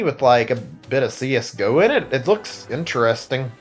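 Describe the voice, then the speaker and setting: A man's voice: mid-range voice, big pitch swings, a little fast, few pauses, faint music behind. A tired man streaming a video game, chatting casually and rambling with many filler words and restarts. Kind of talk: casual live-stream chat.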